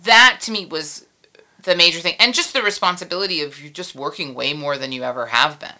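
Bright low-pitched woman chatting animatedly. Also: brisk. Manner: animated, laughs often, trails off mid-sentence. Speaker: puppeteer guest. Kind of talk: casual interview chat.

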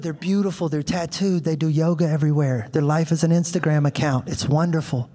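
Comedian guy doing his set, acts out the quotes, yells punchlines, live room with long echo. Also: a little high, fairly even intonation, fairly quick, few pauses. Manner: storytelling with acted-out quotes and sudden shouted punchlines. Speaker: stand-up comedian. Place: comedy club stage. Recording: live in a large reverberant venue.

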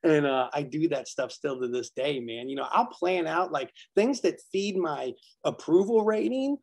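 A man's voice: on the high side, expressive, normal speed, a little mellow. A man speaking casually at a recovery workshop, telling rambling, self-deprecating stories.

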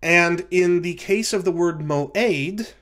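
A man's voice: sits high, slow, a bit bright. Man lecturing patiently on grammar. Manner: explanatory, with frequent fillers and self-corrections. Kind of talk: recorded language lecture.

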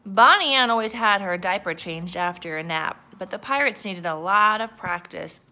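A woman teacher reading a picture book aloud to children, lively and expressive. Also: medium pitch, moderate pace.

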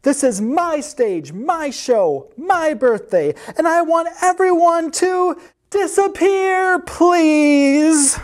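A storyteller voicing a boastful young male magician who chants rhyming spells slowly in a sing-song way and is quick to throw a tantrum, in a picture book read-aloud. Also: mid-range voice, big pitch swings, darkish tone. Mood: furious.

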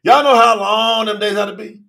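A man's voice: high-pitched, fairly even intonation, normal speed, vocal fry, bright, forceful tone. A male preacher delivering a sermon in an emphatic, colloquial way, often asking the congregation direct questions.

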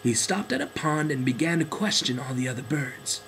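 A man narrating a children's storybook in a gentle, expressive way. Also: a little high, normal speed, few pauses, slight background noise, rough recording.

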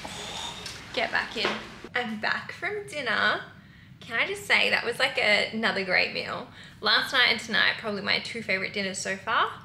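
A woman's voice: on the high side, lively intonation, moderate pace, gravelly, sharp tone, echoey room, a little hiss or hum, rough recording. An Australian woman chatting candidly in a casual travel vlog, swearing now and then, filmed on a handheld camera. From Melbourne, Australia. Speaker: vlogger. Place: hotel room and streets outdoors.

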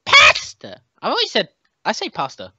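A man's voice: fairly high pitch, expressive, moderate pace, pushed and bright, dry recording. A young man co-hosting a podcast in casual banter, crude and profane, with jokey outbursts. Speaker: podcast co-host. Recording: dull, lo-fi dry home recording.

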